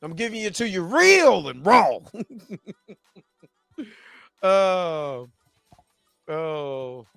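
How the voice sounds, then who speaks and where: A man's voice: high voice, big pitch swings, very slow, vocal fry, long pauses, fairly bright tone, dry recording, soft background music. Joking, rambling man hosting a livestream. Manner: loose, joking, rambling, laughs often. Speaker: host. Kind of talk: casual reaction livestream chat.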